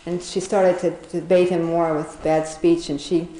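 A woman's voice: lowish voice, level tone, moderate pace, mellow, reverberant, slight background noise, low-quality recording. A woman casually retelling a children's fable, chatty, often laughing, with many fillers and restarts. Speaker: storyteller.

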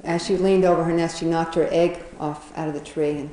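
A woman retells an animal fable in a loose, rambling way, chuckling and filling gaps with fillers. Her voice is low and mellow. The room around her is roomy and echoing, with faint noise underneath. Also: fairly even intonation, fairly quick. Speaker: storyteller. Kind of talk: casual storytelling. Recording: roomy echo.

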